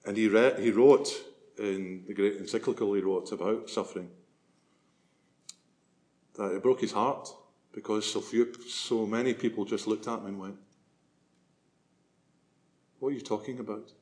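A man's voice: fairly low pitch, fairly even intonation, normal speed, a little mellow. A man preaching a sermon as a priest, earnest and swelling to emphasis on key phrases.

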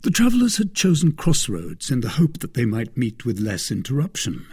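A man narrating a classic adventure novel in a steady, even reading voice. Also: medium pitch, normal speed, husky. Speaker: audiobook narrator. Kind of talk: scripted narration.

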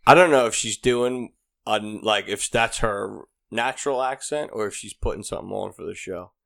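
A man's voice: fairly low pitch, normal speed, gravelly, fairly bright tone. Easygoing man chatting on a podcast. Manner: conversational, questioning. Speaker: podcast co-host. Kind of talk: casual chat.

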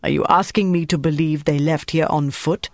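A man's voice: on the high side, fairly even intonation, moderate pace, no room sound, clean studio sound, close to an everyday voice. A man narrating a novel voices a cold, menacing male German officer in a clipped, commanding tone.

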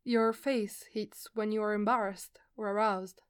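A woman doing a hoarse, delirious alien officer. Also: fairly even intonation, no room sound, clean studio sound, natural voice. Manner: low, hoarse, slurring and slow. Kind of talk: fan fiction reading.

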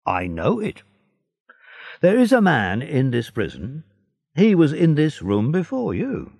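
A man's voice: on the high side, wildly swooping pitch, slow, vocal fry, a little mellow, dry recording, studio quality, pitched above the performer's own voice, full character voice. A man voicing a blunt, weary male prison guard with a brusque, matter-of-fact manner.

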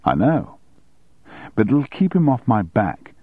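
A man's voice: mid-range voice, sing-song, slow pace, slightly rough, no echo, pitched above the performer's own voice, full character voice. A calculating teenage schoolboy, polite and composed, never giving too much away, as a male narrator reads him. The voice comes through dry and narrow, like a phone line. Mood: guarded.

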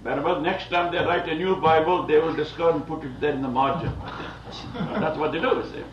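High-voiced man preaching from India. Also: a little fast, slight background noise. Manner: digressive, chuckling, repeats phrases with "you see". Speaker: visiting Bible teacher. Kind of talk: lecture-style sermon. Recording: dull, roomy, distant old recording.

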